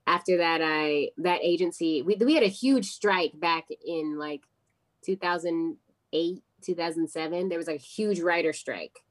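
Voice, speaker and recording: An American woman with a lowish voice speaks a little slowly. A guest actress in a casual interview, she tells animated stories and acts out the voices of the people in them.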